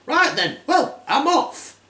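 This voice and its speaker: A man's voice: extremely high pitch, big pitch swings, slow, pushed and bright, pitched above the performer's own voice, full character voice. A man doing a screechy old hag queen. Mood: gleeful. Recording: roomy echo.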